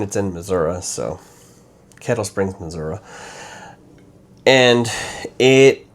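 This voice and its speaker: A man's voice: lowish voice, darkish tone. A man hosting a casual book review while doing his makeup, rambling with lots of fillers and correcting himself as he goes.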